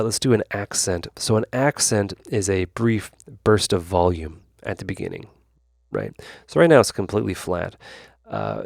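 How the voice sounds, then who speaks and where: A man with a low, gravelly voice talks through a synth demo in a relaxed, wandering tutorial style, piling on fillers and asides as he goes. The sound is dry and close, with no room around it. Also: dry recording. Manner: rambling, loose, full of fillers and asides. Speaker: YouTube host.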